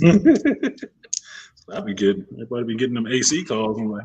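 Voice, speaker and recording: A man's voice: medium pitch, animated, brisk, pauses often, a little mellow, husky. A man hosting a casual livestream hangout, telling profane stories and laughing often. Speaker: podcast host.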